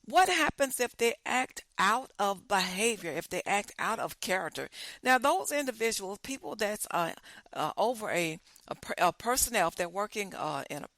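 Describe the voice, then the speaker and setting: A woman's voice: medium pitch, expressive, moderate pace, fairly bright tone, no echo, low-quality recording. A woman hosting a talk show, musing aloud with lots of repeated questions and restarts. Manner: repetitive, questioning, rambling with many restarts. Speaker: host. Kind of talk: casual talk show monologue.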